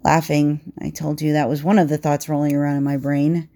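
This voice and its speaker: A woman telling an intimate second-person romance story in a soft voice that slips into whispers. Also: low-pitched, little pitch movement, a little fast.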